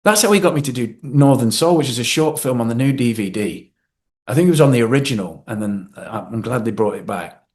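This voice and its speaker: Guesting on a podcast, a fortyish man chats casually at a medium pitch and a fairly quick pace. His storytelling is lively, full of laughter and impressions of different voices.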